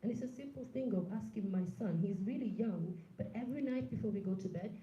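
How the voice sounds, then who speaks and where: A woman's voice: medium pitch, a little fast, dark tone. Earnest woman giving a talk, echoey room. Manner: earnest, direct, addresses the audience with questions. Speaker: speaker. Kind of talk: public talk. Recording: echoey room, slightly dull sound.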